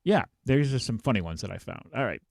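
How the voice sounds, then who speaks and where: A male podcast host reading out police blotter headlines in a casual, animated way, laughing as he goes. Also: mid-range voice, a little fast, creaky, no room sound, clean studio sound.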